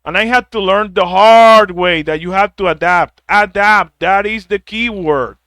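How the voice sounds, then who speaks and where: Swearing heavily, this male vlogger delivers a ranting monologue of harsh life advice, tripping over repeated words and mocking people with fake whiny voices. He sits high in pitch, measured in pace, pushed and bright, with no echo.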